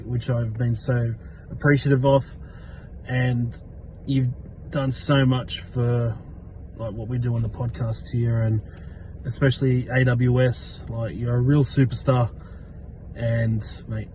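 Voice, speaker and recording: A podcast regular recording an earnest, encouraging farewell message. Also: male voice, mid-range voice, mellow, slight background noise.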